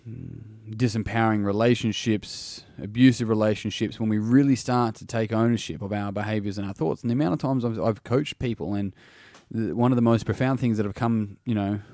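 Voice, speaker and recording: A man's voice: on the low side, fairly even intonation, brisk, darkish tone, no room sound. Blunt, swearing male podcast host. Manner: blunt, swears freely, restarts often. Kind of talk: casual solo podcast monologue.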